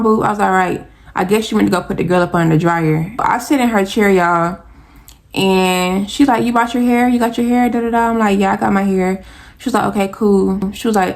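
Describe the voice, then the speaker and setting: A woman's voice: mid-range voice, brisk, vocal fry. Exasperated young woman telling a storytime. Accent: Southern US, Atlanta. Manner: animated, exasperated, addresses viewers as y'all. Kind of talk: casual storytime chat.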